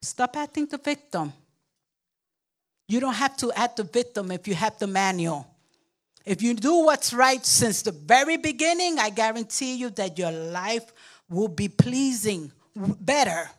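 A woman's voice: lively intonation, measured pace. An older woman pastor preaching a sermon with emphatic call-and-response to the congregation, sometimes acting out babbling toddlers. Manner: acts out babbling toddlers in a squeaky voice.

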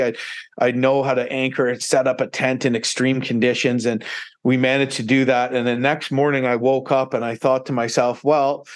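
A man, a podcast guest, tells a story casually in a rambling way and often restarts his sentences. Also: medium pitch. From Canada. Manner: rambling, many fillers and restarts, animated retelling.

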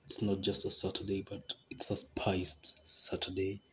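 A young man hosts a casual podcast, rambling and laughing in a relaxed way. His voice sits a little low. Faint background noise hangs under his talk. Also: a little slow. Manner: laid-back, rambling, laughs between phrases. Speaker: podcast host.

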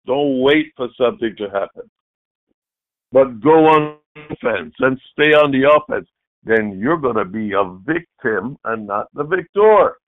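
A male preacher delivers a sermon with a lively, wide-ranging voice, jumping from shouted mimicry to quiet, low lines. The sound is thin and tinny, like a phone line, with no room echo at all. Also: a little slow. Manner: dramatic preaching, shifts from loud shouted mimicry to low near-whispers. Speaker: pastor.

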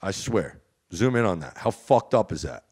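A man's voice: very animated, normal speed, breathy edge. Brash, profane man on a podcast. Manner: emphatic and profane, swinging from loud outbursts to low mutters. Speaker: podcast guest. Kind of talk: casual podcast chat.

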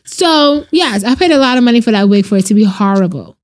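A woman co-hosting a casual chat podcast, telling a profane, animated story and jumping up in pitch for quoted voices. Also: quick pace. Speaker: podcast co-host.

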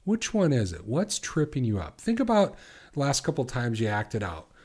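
A middle-aged man hosting a podcast as a recovery coach, asking earnest questions and slowing down to repeat affirmations. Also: mid-range voice, wildly swooping pitch, a little mellow, slightly rough. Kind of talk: coaching monologue.

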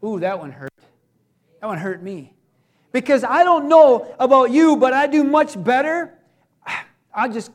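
A pastor with a very high voice preaches a sermon, addressing the congregation conversationally. Now and then he breaks into loud, acted cries.

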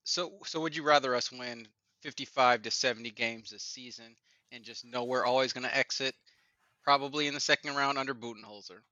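A man with a bright, edgy voice lays out long, earnest questions about basketball. The sound is dry and muffled, like a lo-fi remote recording. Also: mid-range voice, a little fast, no room sound. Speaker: podcast co-host. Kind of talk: casual sports chat.

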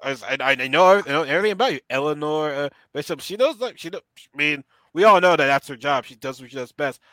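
A man's voice: fairly high pitch, quick pace, no echo. A man co-hosting a podcast, talking casually and animatedly about a show, laughing and acting out lines he quotes. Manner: animated, laughing, swearing, mock-quoting characters. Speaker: podcast co-host. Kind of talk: casual chat reviewing a show.

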